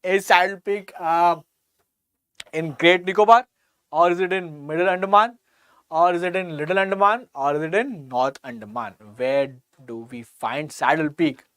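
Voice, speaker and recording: A man's voice: on the high side, moderate pace, a bit bright, smooth, no echo. A man with an Indian English accent teaching a live online quiz class, encouraging students by name and repeating each question. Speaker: exam coaching teacher.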